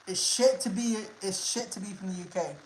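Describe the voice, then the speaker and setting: A man's voice: sits high, moderate pace, a little hiss or hum. A young man from the United Kingdom, chatting casually with his livestream viewers, swearing freely and repeating himself. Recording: roomy echo.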